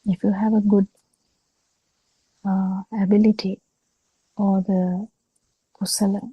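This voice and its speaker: A woman giving a Buddhist talk over a video call, speaking slowly with halting pauses and fillers. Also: mid-range voice, flat delivery, breathy edge, no room sound, narrow, tinny audio. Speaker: Buddhist teacher.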